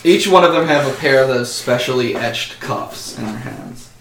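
A man acting as game master narrates a tabletop game in a casual way, full of fillers and frequent laughter. His voice is medium-pitched, creaky and fairly bright, at normal speed, with slight background noise, recorded far from the mic in an echoey room.

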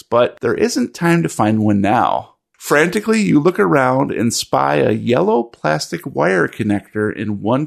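Gravelly man narrating as game master. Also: medium pitch. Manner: descriptive, measured storytelling. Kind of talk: narrating a tabletop horror game.

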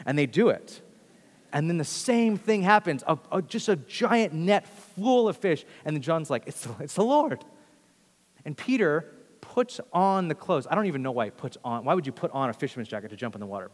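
A man preaching a sermon as a pastor, telling the story with energy, acting out the quotes and swinging from loud to hushed. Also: mid-range voice. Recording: long hall reverb.

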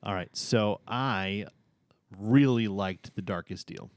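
Low-voiced man chatting casually. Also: slow pace, no echo, studio quality. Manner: chatty, frequent ums and uhs. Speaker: podcast co-host. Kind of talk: casual chat.

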